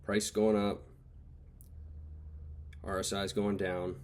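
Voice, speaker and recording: A man's voice: fairly low pitch, level tone, slow, darkish tone, a little hiss or hum. A man recapping his day trades over charts, frustrated and swearing as he thinks aloud. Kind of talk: casual screen-recorded trade recap.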